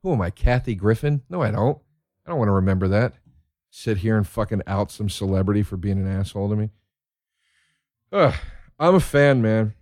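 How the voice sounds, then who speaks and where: A man who is a comedian telling stories in a casual monologue, excitable and profane, laughing as he talks. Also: fairly low pitch, a little fast, pauses often, no room sound, studio quality. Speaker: stand-up comedian.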